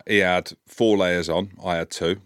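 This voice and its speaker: A man in his forties, a podcast co-host and commentator, telling an animated story in casual chat, his voice rising sharply when he replays an argument. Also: a little slow, no room sound, clean studio sound. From Scotland. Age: 40s. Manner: animated anecdote, gets loud and high when quoting the argument.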